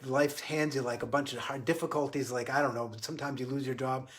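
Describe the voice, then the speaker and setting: A man voicing a quiet, kind little old man who speaks gently and with understanding. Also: medium pitch, fairly even intonation, fairly quick, lightly acted.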